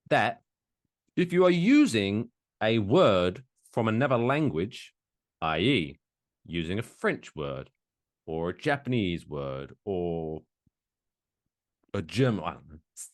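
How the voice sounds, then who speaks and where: A man's voice: low voice, animated, measured pace, long pauses, no room sound, clean studio sound. A man co-hosting a podcast in casual chat, ranting with plenty of swearing. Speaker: podcast co-host.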